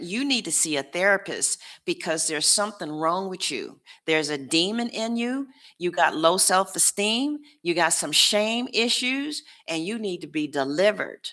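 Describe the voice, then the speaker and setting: A woman reads tarot cards in a relaxed, unhurried way, taking her time over each thought. Her voice sits a little low yet comes across bright and forceful. She is blunt and preachy, and drops slangy asides straight to her viewers. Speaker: tarot reader. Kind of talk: casual tarot reading.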